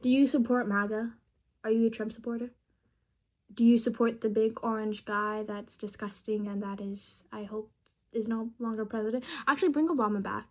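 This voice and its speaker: A woman's voice: fairly high pitch, steady tone, moderate pace, a little mellow. A young woman chatting casually with a chatbot. She rambles playfully and mutters asides under her breath.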